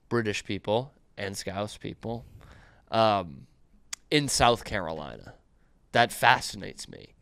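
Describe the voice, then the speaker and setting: Hosting a laid-back sports podcast, a man with a smooth, lowish voice needles his cohost with sarcasm at every turn. The recording has no echo.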